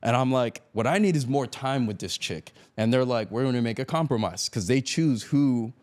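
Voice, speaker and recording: Man, podcast guest, casual storytelling, laughs often, does voices for quotes, mid pitch. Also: lively intonation, normal speed. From Miami.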